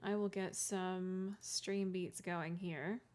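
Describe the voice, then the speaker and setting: A woman's voice: lowish voice, fairly even intonation, takes it slowly, darkish tone. Chatty giggly woman streamer. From California. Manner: chatty, giggly, self-deprecating, restarts words. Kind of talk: casual chat with live chat.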